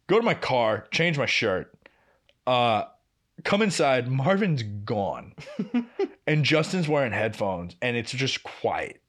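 Animated young man telling a story. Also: unhurried. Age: young adult. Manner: animated, swearing, acting out quoted lines with big pitch jumps. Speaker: podcast co-host. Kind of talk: casual storytelling chat.

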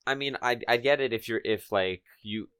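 A man's voice: mid-range voice, moderate pace, a bit bright, clear, resonant tone, dry recording, studio quality. A young man co-hosting a podcast, talkative and teasing, full of slang. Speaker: podcast co-host. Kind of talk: casual chat.

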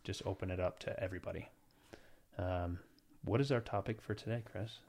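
A man in his thirties chats loosely as a podcast host, joking and teasing his co-host. His voice sits a little low. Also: fairly even intonation, brisk, vocal fry, darkish tone. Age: 30s. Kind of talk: casual podcast chat.

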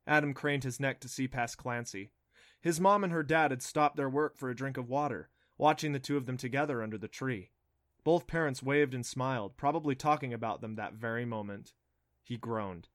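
A man's voice: mid-range voice, moderate pace, dry recording. Man narrating a storybook, dry close sound. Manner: steady storytelling. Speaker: audiobook narrator. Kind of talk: scripted narration.

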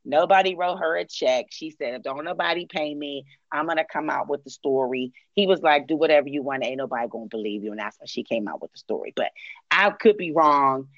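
A sassy woman co-hosts a casual gossip podcast, her voice sitting low and close to a dry mic. The sound is a little dull and lo-fi, with no room around it. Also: fairly quick, fairly bright tone, dry recording. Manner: sassy, playful, drops into a mock official voice. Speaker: podcast co-host.

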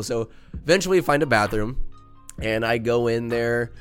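A man's voice: mid-range voice, expressive, normal speed, soft background music. Rambling, profane young man telling a story. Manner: rambling, profane, self-mocking. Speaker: podcast host. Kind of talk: casual storytelling monologue.

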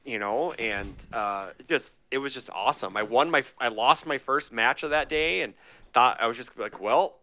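A man co-hosting a podcast, rambling excitedly with lots of fillers in casual chat. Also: mid-range voice, normal speed. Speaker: podcast co-host. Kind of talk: casual chat about a card game.

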